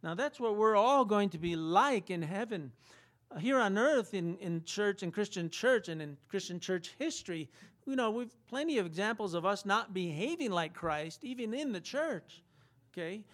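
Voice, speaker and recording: A man's voice: high voice, lively intonation, moderate pace, a bit bright. A man preaching a sermon in a conversational style, asking rhetorical questions and acting out quotes. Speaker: pastor.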